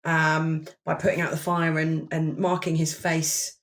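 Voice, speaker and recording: A woman's voice: low-pitched, flat delivery, a little slow. A woman playing a tabletop game, telling her part in a rambling way. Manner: rambling, with fillers. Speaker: player.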